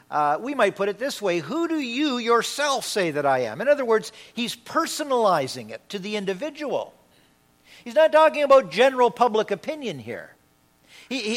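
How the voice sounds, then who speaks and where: A male pastor preaching a sermon in a church, emphatic, swinging between loud declarations and quiet, slow asides. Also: high voice. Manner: emphatic preaching with dramatic swings in loudness and pace.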